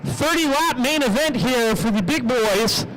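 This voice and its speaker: A man announcing a live race at an outdoor speedway, calling the action excitedly and joking with drivers. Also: very high-pitched, unhurried, noisy background. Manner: excitable play-by-play, jokey with drivers. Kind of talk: live race commentary and interviews.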